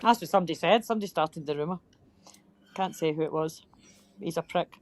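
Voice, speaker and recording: A woman's voice: low voice, a little fast. Teasing, foul-mouthed woman. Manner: swearing, teasing banter with laughs. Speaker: livestream host. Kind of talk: casual chat.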